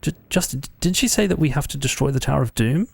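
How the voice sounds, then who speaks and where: A man's voice: mid-range voice, expressive, fast, gravelly, breathy edge, dry recording, pitched above the performer's own voice. A man voicing a sensible young woman adventurer who talks earnestly as a peacemaker.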